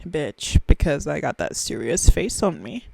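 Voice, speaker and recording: A young woman hosting a casual solo podcast, talking in an animated, silly, excitable way with sudden squeals. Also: sits low, moderate pace, vocal fry, slightly rough, dry recording. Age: young adult. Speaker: podcast host.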